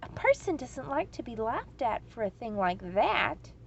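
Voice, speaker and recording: A woman's voice: fairly high pitch, very animated, a little slow, creaky, a little hiss or hum, exaggerated voice. Woman reading as a nervous young man, stammering, raised voice, storybook. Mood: indignant. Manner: stammering shout. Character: trembling young man, stammering but brave.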